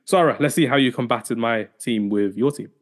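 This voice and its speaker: A man's voice: mid-range voice, fairly quick. A man hosting a football chat podcast, his voice sitting in an ordinary middle register. He talks in an upbeat, conversational way, listing players and tossing in playful asides. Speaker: podcast host. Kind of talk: casual football podcast debate.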